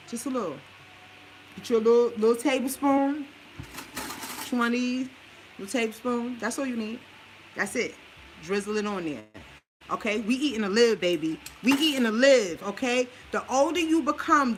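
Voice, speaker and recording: A woman's voice: a little high, moderate pace, slight background noise. A woman with a New Orleans accent showing a meal plan in a home kitchen, talking straight to her viewers in a sassy, preachy way. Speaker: vlogger sharing a meal plan. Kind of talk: casual cooking demo and advice.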